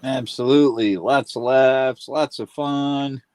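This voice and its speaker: A man's voice: medium pitch, fairly even intonation, slow, a little mellow, no room sound. A man co-hosting a live stream, speaking in short, laid-back remarks. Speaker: stream co-host running spots. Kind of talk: casual stream chat.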